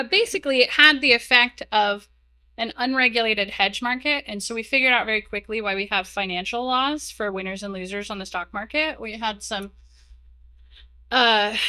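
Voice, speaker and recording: A woman's voice: a little high, sharp tone, clear, resonant tone. A young adult woman giving a casual technical talk at a conference, chatty and self-deprecating, full of "like" and "um" fillers. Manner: chatty, heavy use of "like" and "um", self-deprecating asides. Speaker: conference speaker. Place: conference room, live talk. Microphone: stage mic, moves away while walking to slides.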